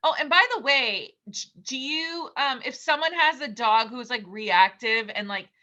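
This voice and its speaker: A woman's voice: fairly high pitch, measured pace, bright, forceful tone, dull audio. A woman asking a trainer questions in a chatty, playful way, often restarting her sentences. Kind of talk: casual conversation.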